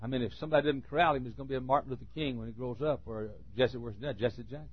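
A preacher with a husky, slightly breathy voice tells folksy stories from the pulpit. He drops low and quiet, then breaks into loud shouts. The recording sounds dull and lo-fi. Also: fairly even intonation, rapid-fire. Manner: folksy, swings from quiet asides to sudden shouts. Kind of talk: sermon with storytelling.

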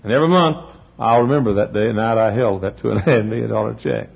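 A male pastor preaching a sermon in a church, telling stories, acting out the people in them and often clearing his throat. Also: fairly low pitch, fast. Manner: storytelling, acting out quotes, frequent throat clearing. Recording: dull lo-fi sermon recording.

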